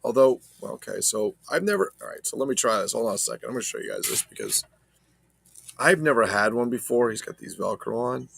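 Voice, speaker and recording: A man's voice: mid-range voice, sing-song, fairly quick, creaky, fairly bright tone, slightly rough, dry recording. A man casually chatting about his toy collection, rambling and swearing as he talks to viewers. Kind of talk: casual unboxing chat.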